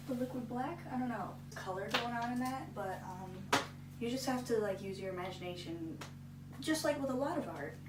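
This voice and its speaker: A woman vlogger giving casual, self-deprecating commentary while painting along, with exasperated asides. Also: mid-range voice. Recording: echoey room, far from mic, noisy.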